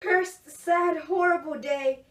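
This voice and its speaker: A woman's voice: very high-pitched, slow. A teenage girl playing a grieving noble mother in a school play, wailing her lament. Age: teens. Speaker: student actor. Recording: echoey room, from far off.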